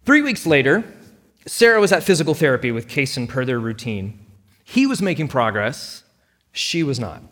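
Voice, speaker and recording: A man narrating a dramatic story in a lively reading voice. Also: mid-range voice, normal speed, big-room sound.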